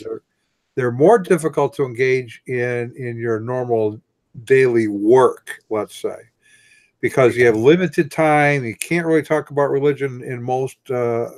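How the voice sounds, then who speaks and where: Man, host, casual talk, halting restarts. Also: mid-range voice. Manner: halting, repeats words when starting. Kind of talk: casual chat.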